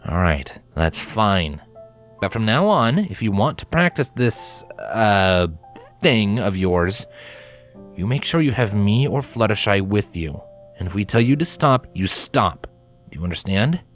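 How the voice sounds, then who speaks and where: A man voicing a young human man who acts as a caring but stern father, firm and deliberate in his speech. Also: fairly low pitch, sing-song, faint music behind.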